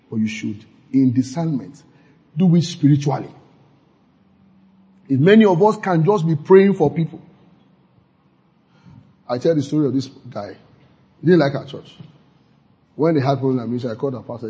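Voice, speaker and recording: A male pastor preaching a sermon in a warm, breathy voice. His pitch leaps and falls in wide, lively swings, and he repeats his points for emphasis. The recording sounds dull and lo-fi. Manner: acts out quoted gossip and repeats lines for emphasis.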